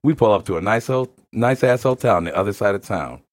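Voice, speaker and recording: A man telling a comic story to friends, animated and slangy, often breaking into laughter. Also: fairly low pitch, fast talker. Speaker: storyteller reading a thread to friends.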